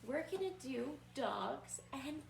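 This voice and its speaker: A woman's voice: sits high, expressive, slow pace, creaky, slight background noise. A woman preschool teacher giving patient, encouraging craft instructions to young children. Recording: roomy echo from a distant mic.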